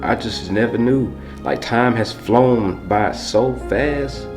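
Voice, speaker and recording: A man's voice: mid-range voice, slow, music in the background. A young man vlogging to camera in a heartfelt, rambling way, speaking. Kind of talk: casual talk to camera.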